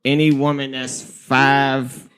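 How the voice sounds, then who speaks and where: A man joins a podcast chat with blunt, teasing remarks and some swearing. His pitch sits in the middle. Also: level tone, slow pace, a bit bright. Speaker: podcast co-host. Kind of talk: casual chat.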